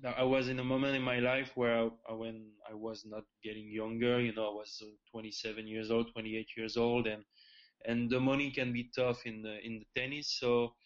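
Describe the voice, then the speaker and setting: A hesitant man in his thirties with a French accent speaks English as a second language in a flat, even tone. The sound is a little dull, and he stumbles and restarts as he talks. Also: medium pitch, normal speed. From France. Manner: hesitant, many restarts and fillers. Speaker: guest, former tennis pro.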